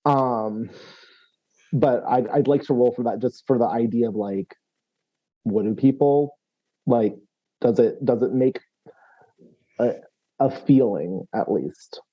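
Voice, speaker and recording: A tabletop RPG player with a medium-pitched voice explains what his character does, talking slowly with long pauses over dull audio. He's hesitant, starting over again and again, filling gaps with fillers and laughing a lot.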